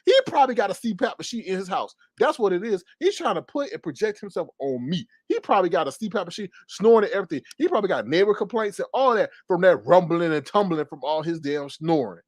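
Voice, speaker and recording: Male streamer, commentary rant; sassy and quick, mocking impressions; bright high pitch, dry room. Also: no room sound. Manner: animated, sassy, fast-talking with mocking impressions.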